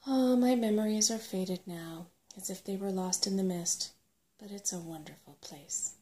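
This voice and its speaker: A woman voicing a weary, forgetful old male dragon in a soft, murmuring whispered role-play. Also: mid-range voice, lightly acted. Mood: sleepy. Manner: slow, murmuring, trailing off.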